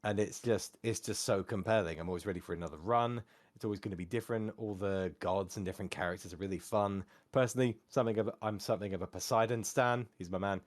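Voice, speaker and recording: A man with a somewhat low voice talks casually as a podcast co-host. He rambles, restarts and fills pauses with plenty of ums and likes. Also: steady tone. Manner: rambling, many fillers and restarts. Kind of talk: casual chat.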